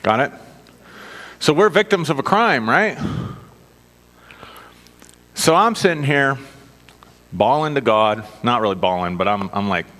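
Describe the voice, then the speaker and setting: A man's voice: medium pitch, expressive, unhurried, long pauses, sharp tone. Chatty man preaching in an echoing hall. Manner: chatty and self-mocking, checks in with "right?". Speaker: minister. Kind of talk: conversational sermon with personal stories. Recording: long reverb of a hall.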